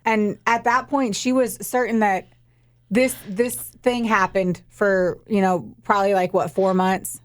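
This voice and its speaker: A woman's voice: mid-range voice, steady tone, a little slow. A young woman co-hosting a podcast, retelling a true-crime case in casual, profane, emphatic chat. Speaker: podcast co-host.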